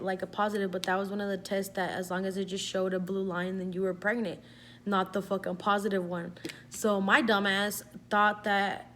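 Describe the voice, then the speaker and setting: A woman's voice: medium pitch, a bit bright. Young woman vlogger, casual storyteller, salty and rambling, everyday mid-range voice, light background hum. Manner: chatty, swears freely, fills with "like".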